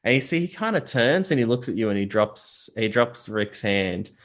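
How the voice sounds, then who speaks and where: A man's voice: on the low side, animated, normal speed. A man narrating a tabletop game as game master, casual and full of fillers and restarts.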